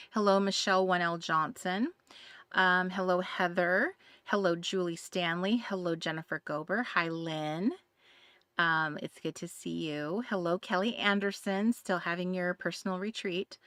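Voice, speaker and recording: A woman's voice: on the low side, fairly even intonation, normal speed, a bit bright, clean tone, dry recording. A woman hosting a live craft stream, chatting casually and greeting viewers by name, with many fillers. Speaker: craft livestream host. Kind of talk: casual livestream chat.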